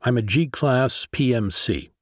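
A man voicing a patient male navy commander who speaks calmly and reassuringly. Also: mid-range voice, slow pace, no echo, studio quality. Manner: calm, reassuring.

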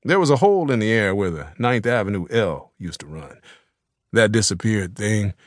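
A man reads a novel aloud in a low, measured voice. The recording is dry and close, with no room sound around him. His scripted storytelling stays even and unhurried. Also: no room sound. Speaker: audiobook narrator. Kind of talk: scripted narration.

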